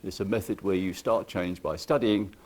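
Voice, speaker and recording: A man giving a lively, irreverent conference talk, joking with the audience and acting out what clients say. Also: low-pitched, moderate pace. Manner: acts out clients' lines in quoted voices. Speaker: conference speaker. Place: conference hall.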